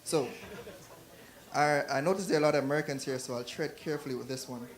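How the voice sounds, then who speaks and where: A man's voice: medium pitch, quick pace. A man from Jamaica with a Jamaican accent, doing a loose, chatty stand-up set on a club stage into a corded handheld mic. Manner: loose, chatty, laughs at own jokes. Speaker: stand-up comedian.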